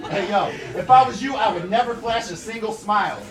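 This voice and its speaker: A man's voice: sits high, brisk. A man rapping mocking insult rhymes in a live rap battle. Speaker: battle rapper. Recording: roomy, distant live recording over a loud crowd.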